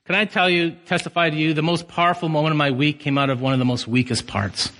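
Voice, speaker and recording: Bright-voiced preaching man in reverberant hall. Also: on the high side, steady tone, quick pace. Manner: passionate preaching, surges to shouts. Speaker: pastor. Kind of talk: sermon.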